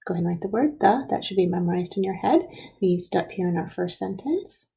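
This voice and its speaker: A woman teaching first graders a phonics lesson, sounding out letters and syllables slowly and sometimes dropping to a whisper. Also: fairly low pitch, warm tone, poor audio. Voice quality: gravelly and husky. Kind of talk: slow, careful phonics lesson.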